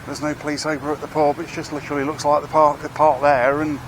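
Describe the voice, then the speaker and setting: A street vlogger with a fairly high voice talks fast and flat, walking town streets outdoors and rambling casually in a wry way, swearing now and then. His carried camera picks up slight background noise.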